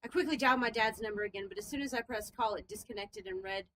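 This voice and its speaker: A woman's voice: medium pitch, fast talker, fairly bright tone, a little hiss or hum, low-quality recording. A woman co-hosting a comedy podcast, narrating a dating game aloud with jokey asides. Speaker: podcast co-host.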